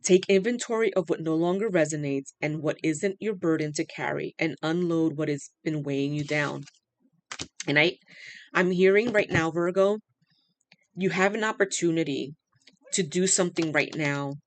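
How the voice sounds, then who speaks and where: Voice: medium pitch, normal speed, a little hiss or hum. A tarot reader giving an unscripted channeled reading, earnest and repetitive, often stopping in awe and saying they are overwhelmed.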